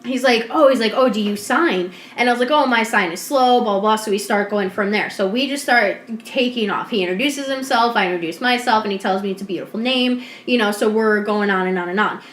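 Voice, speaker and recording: A woman co-hosting a podcast, telling a story in casual chat, animated and swearing, acting out what people said. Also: mid-range voice, brisk, few pauses. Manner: animated, swearing, acts out quotes. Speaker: podcast co-host. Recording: roomy echo.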